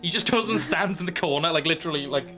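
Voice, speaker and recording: A man's voice: a little high, lively intonation, fast, bright, forceful tone, soft background music. A British man narrating as game master, laughing and rambling through descriptions.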